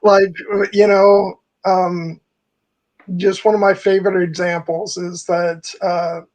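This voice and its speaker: A man's voice: sits high, little pitch movement, takes it slowly, darkish tone, rough recording. A man co-hosting a casual film discussion podcast, rambling along and laughing often. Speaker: podcast co-host.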